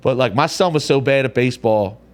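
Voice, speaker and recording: A middle-aged man, a podcast host telling a profane, lively story about his son in casual chat. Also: mid-range voice, a little fast.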